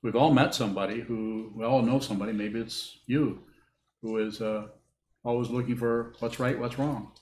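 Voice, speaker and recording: Male Buddhist teacher, thoughtful and halting, live hall recording with echo. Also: medium pitch, fairly even intonation, a little mellow. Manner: halting, thoughtful, repeats words as he rethinks. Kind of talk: dharma talk answering questions. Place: meditation hall with a group. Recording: echoey room with faint hiss.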